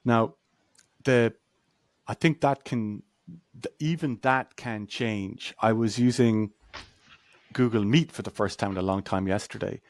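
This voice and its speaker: A man speaks as a guest in an interview, with a fairly low voice. The sound is dry and close, with no room around it. He talks in a relaxed, conversational way over a video call and slips into anecdotes. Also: a little slow, dry recording. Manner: storytelling, acts out quoted voices.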